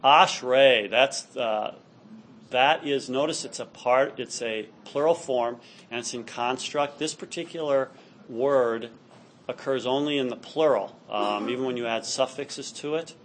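The Hebrew grammar lecturer here is a man with a medium-pitched, fairly bright voice and a measured pace. He explains patiently and keeps checking in, dropping in "all right?" frequently. There's slight background noise.

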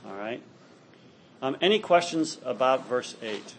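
A man's voice: medium pitch, expressive, unhurried, noisy background. A man teaching a class on Hebrew grammar, explaining patiently and checking in with students often. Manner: patient, explanatory, frequent "all right?" check-ins. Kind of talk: classroom lecture.

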